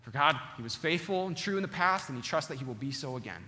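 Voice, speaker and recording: Brief: male pastor, bright sharp tone, earnest sermon pacing, long church reverb. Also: a little high, lively intonation. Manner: earnest, slows down to stress key words.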